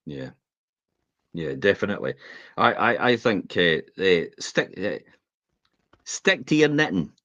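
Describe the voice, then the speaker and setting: A Scottish man chatting on a podcast as the host, opinionated and animated, with laughs slipping into his rants. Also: low voice, measured pace, pauses often, no echo. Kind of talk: casual podcast chat. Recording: dull lo-fi podcast audio.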